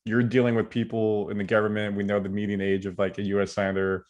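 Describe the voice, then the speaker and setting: A man's voice: lowish voice, completely flat delivery, fast talker, a little mellow. A young man from Southern California hosting a podcast, casual and rambling, often correcting himself. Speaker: podcast host. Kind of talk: conversational interview.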